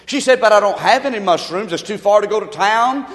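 Man, pastor, sermon, folksy storytelling, emphatic, high voice, echoing sanctuary. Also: expressive, fairly quick, a bit bright.

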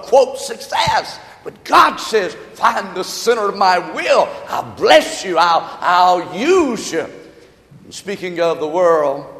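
Male pastor, impassioned sermon delivery, high and animated, long hall reverb. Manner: impassioned preaching, swings between hushed and shouting.

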